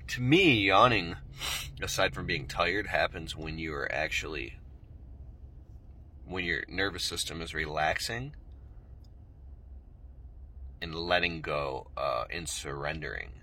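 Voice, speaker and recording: A middle-aged man talking slowly and softly to his viewers about spirituality, meandering and yawning as he goes. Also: very deep voice, slight background noise. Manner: slow, soft, meandering, pauses often. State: yawning, tired. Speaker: spiritual vlogger. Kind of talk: casual spoken talk to camera.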